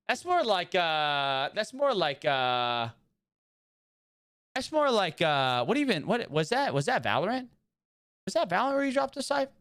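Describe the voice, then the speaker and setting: A man's voice: high voice, big pitch swings, moderate pace, creaky, a bit bright, no room sound, studio quality. A young man chatting casually with his viewers while streaming a video game, rambling and greeting them by name. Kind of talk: casual livestream chat while gaming.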